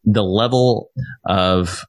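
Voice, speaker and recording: Low-voiced man rambling in casual chat. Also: drawn-out words, no room sound. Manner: rambling and profane, with many restarts. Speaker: podcast host, musician.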